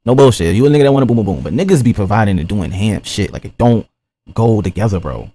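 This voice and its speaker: Brief: male streamer, low voice, quick, blunt, profane reaction commentary. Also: lively intonation, warm tone. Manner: blunt, profane, impatient remarks. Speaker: livestream host reacting to a video.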